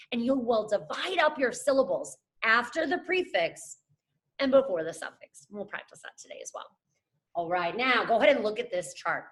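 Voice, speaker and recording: A woman's voice: medium pitch, bright, forceful tone. A young adult woman teacher giving a phonics lesson to children, upbeat and encouraging, talking to them as friends. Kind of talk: scripted classroom lesson to camera.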